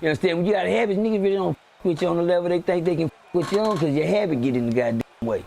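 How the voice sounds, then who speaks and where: A man telling a street story on a live stream, animated and acting out the voices of the people in it. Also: sits high, very fast, gravelly, slight background noise. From Texas. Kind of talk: casual storytelling.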